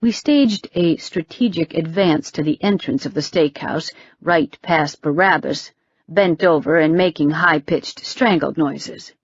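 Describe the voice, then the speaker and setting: Female audiobook narrator, slow and breathy, dry muffled read. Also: dry recording. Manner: reads all characters, rising in pitch for them. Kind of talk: scripted narration.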